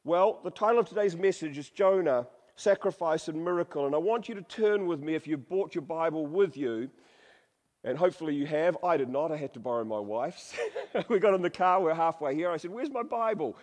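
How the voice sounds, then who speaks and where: Male preacher, high voice, dramatic and humorous, long hall reverb. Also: fairly quick, darkish tone. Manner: dramatic, humorous, varies voice for quotes. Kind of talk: sermon with Bible reading.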